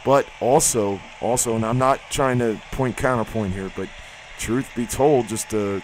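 A man doing mock wrestling play-by-play, rambling and excitable with sudden yelps. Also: mid-range voice, a little slow, a little hiss or hum, low-quality recording. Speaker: play-by-play commentator.

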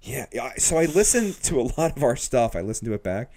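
Man, forties, podcast co-host, casual chat, swears a lot, pitch jumps around. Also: quick pace. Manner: swears constantly, animated storyteller.

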